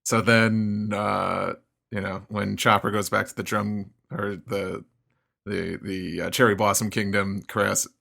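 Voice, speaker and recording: A man co-hosting a podcast, recapping a comic in a casual, halting way, often chuckling. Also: fairly low pitch, flat delivery, vocal fry, sharp tone. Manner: chuckling, halting, lots of fillers. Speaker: podcast co-host.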